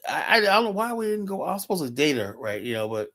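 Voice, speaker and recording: A man's voice: high voice, very animated, fast talker, vocal fry, fairly bright tone. A man hosting a casual streamed talk show, telling loose, profane stories and acting out quotes. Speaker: podcast host. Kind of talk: casual storytelling chat. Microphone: remote stream call.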